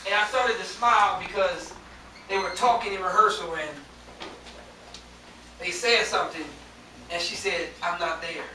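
High bright preacher guy shouting call-and-response, echoey church, mic far off. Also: measured pace, long pauses. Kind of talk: sermon. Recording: echoey church, distant mic, faint hiss.

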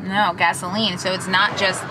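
A woman's voice: mid-range voice, level tone, moderate pace, music in the background, poor audio. A woman chatting casually in a car, rambling from one thought to the next. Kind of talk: casual chat.

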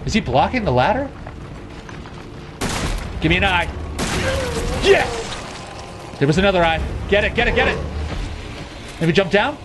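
A man giving let's play commentary, excitable, shouting and swearing at the screen as he plays. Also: high-pitched, normal speed, pauses often, noisy background. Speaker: gaming channel host. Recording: game music playing under the voice.

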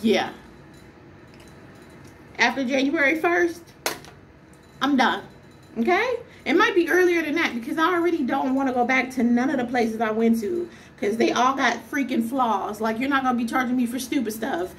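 A woman's voice: sits high, moderate pace, long pauses, fairly bright tone, slight background noise. Exasperated young woman ranting. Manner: exasperated, emphatic, fires off rhetorical questions. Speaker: vlogger. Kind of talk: casual storytime rant.

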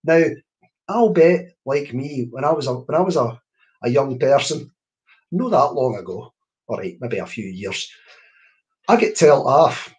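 A Scottish man reading his poems aloud slowly and rhythmically, then talking to children in a workshop over a video call. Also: medium pitch. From Scotland. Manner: slow, rhythmic verse delivery with animated rises. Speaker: poet leading a children's writing workshop. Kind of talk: poetry reading and talk to children.

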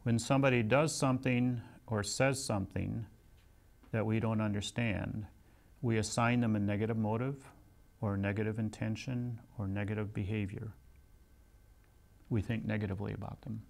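Lowish, creaky, and steady in tone, an older man from the United States speaks at a moderate pace. He's delivering a seminary lecture in a conversational style, mixing in personal anecdotes and poking fun at himself.

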